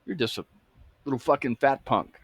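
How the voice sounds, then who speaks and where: A man's voice: mid-range voice, moderate pace, a bit bright, breathy edge, dry recording, studio quality. A man voicing a male authority figure who sneers and curses at a child. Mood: contemptuous. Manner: taunting, contemptuous, cursing.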